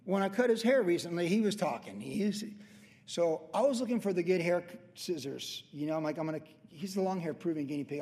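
Male pastor, fairly high voice, playful anecdotal preaching, church hall reverb. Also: expressive, a little fast, a little mellow. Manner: jokey storytelling with animal voices. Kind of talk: verse-by-verse sermon.

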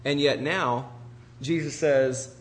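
A man's voice: mid-range voice, fairly even intonation, takes it slowly, a little hiss or hum. A man preaching a sermon in a conversational way, often asking his listeners rhetorical questions. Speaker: pastor.

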